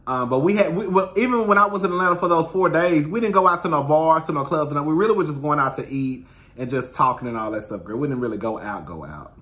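Sassy, animated man gossiping to viewers. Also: on the high side, fast talker. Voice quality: sassy, animated and expressive, calls listeners "girl" and "honey", swears freely. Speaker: host of his own talk stream. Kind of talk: casual storytelling to viewers.

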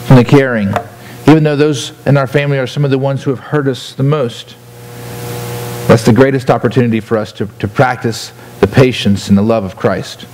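A man's voice: mid-range voice, a little mellow, slight background noise. A man preaching a sermon as a church pastor, earnest and often repeating words as he restarts his sentences. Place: church sanctuary.

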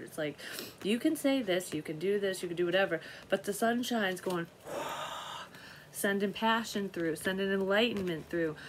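A woman's voice: on the low side, a little hiss or hum. A middle-aged woman giving a casual, rambling tarot reading, swearing freely and laughing at herself. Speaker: tarot reader.

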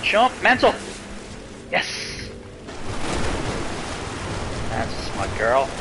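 A young man hosting a let's play, joking and breaking into loud exclamations as he plays. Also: medium pitch, big pitch swings, drawn-out words, noisy background. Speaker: gaming channel host. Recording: game music playing behind.

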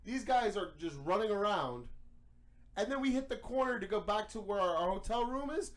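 A man hosting a podcast, telling a story in casual chat, animated and profane. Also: high-pitched. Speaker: podcast host.

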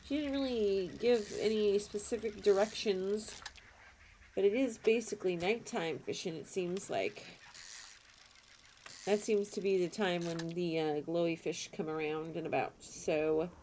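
A woman's voice: unhurried, darkish tone, a little hiss or hum. Giggly, playful young woman streamer. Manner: playful and giggly, with squealing outbursts and big swoops in pitch. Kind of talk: casual live-stream game commentary.

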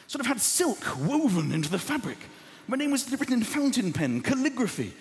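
A man in his thirties doing a stand-up comedy routine, acting out voices with big shouts and gasps. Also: very high-pitched, very animated, a little fast. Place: large theatre stage before a live audience. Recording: echoey theatre with long reverb and crowd noise.

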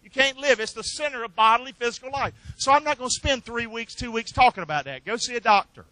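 A pastor delivers his sermon in a high, bright voice, coaxing the congregation to say lines back with him. He rises to loud, emphatic calls, then drops into quiet asides, all captured dry and close. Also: fast, dry recording, rough recording. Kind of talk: sermon with call and response.

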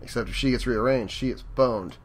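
A man hosting a let's play, giving casual gameplay commentary and swearing loudly at setbacks. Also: mid-range voice, brisk, a little hiss or hum.

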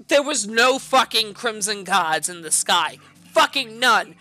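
A woman hosting a gaming video, giving loud, furious gameplay commentary full of swearing. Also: medium pitch, animated, measured pace, loud music behind the voice.

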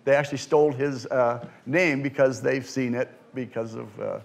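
A man speaking to a student audience as a card magician, telling stories with halting restarts and acting out the quoted voices. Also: mid-range voice, vocal fry. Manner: animated storyteller, acts out quoted voices; halting restarts and repeated words. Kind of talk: storytelling lecture with Q&A. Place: lecture room before a student audience.

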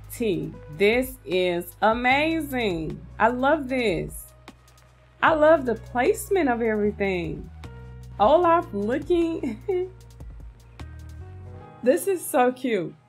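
A woman giving casual, gushing commentary on a video game, chatting to her viewers and calling them "y'all". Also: fairly high pitch. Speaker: game content creator.

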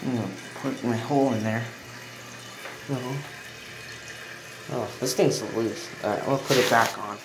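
A mid-range voice with fairly even intonation, a moderate pace, and long pauses belongs to a channel host doing a casual show-and-tell of a toilet. It's a rambling, easily amused phone video from a bathroom, with noise, echo, and running water in the background.

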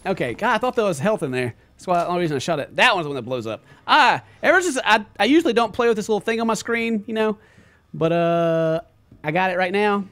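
Excitable, bright-voiced man gaming. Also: high voice, quick pace. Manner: excitable, self-mocking, laughs often. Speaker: gameplay streamer. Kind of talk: live gameplay commentary.

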